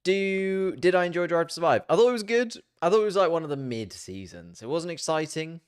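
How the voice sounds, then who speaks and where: A man's voice: on the high side, lively intonation, brisk, smooth. A man hosting a casual, chatty explainer video, jokey and self-mocking as he banters. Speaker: YouTube host.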